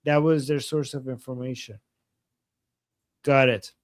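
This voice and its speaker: A man's voice: mid-range voice, fairly even intonation, unhurried, dry recording. A man co-hosting a live stream in casual chat, rambling and restarting his sentences with lots of "like.". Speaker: co-host of a live analysis stream.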